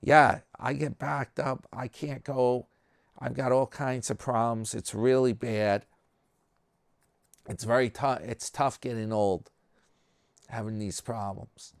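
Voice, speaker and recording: A man's voice: medium pitch, steady tone, slow, vocal fry, pauses often, dry recording, clean studio sound. A man voicing a whiny old man who complains about his troubles. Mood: complaining. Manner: whiny, grumbling.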